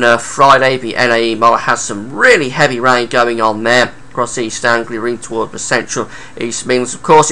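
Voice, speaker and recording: A man giving a casual weather forecast update, talking through the charts with frequent uhs and pauses. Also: mid-range voice, bright, forceful tone.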